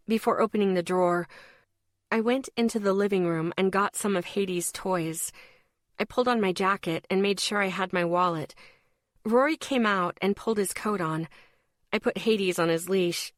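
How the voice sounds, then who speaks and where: A woman reading a first-person audiobook narration in a steady, expressive way. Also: mid-range voice, no echo, clean studio sound.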